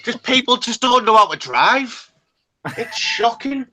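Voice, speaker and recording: A man's voice: very high voice, animated, measured pace, pushed and bright. A man from Middlesbrough with a Middlesbrough English accent, chatting casually on a podcast in blunt, sweary banter. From Middlesbrough, England. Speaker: podcast co-host. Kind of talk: casual chat.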